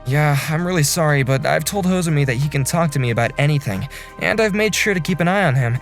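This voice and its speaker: A young man voicing an earnest office section chief who narrates and talks in a calm, apologetic way in an animated drama. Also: fairly high pitch, quick pace, faint music behind.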